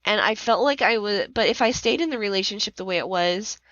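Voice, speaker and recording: A woman's voice: medium pitch, a little fast, dry recording. A middle-aged woman recounts a painful chapter of her life as a podcast host. Her voice swells into raised, intense outbursts as she relives her anger. The sound is close, dry and a little dull. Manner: emotional, rising to near-shouting when reliving anger. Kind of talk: personal storytelling.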